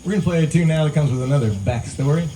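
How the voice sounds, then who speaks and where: A male singer-songwriter telling a relaxed, conversational story between songs at a live outdoor show, into a stage mic. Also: on the high side, rapid-fire, slight background noise, low-quality recording. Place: live music venue, outdoors among pines.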